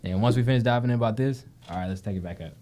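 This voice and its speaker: Speaking in rapid-fire bursts with a mellow, mid-range voice, this young Detroit actor appears as a guest. His casual storytelling is slangy and profane, peppered with "you know what I'm saying."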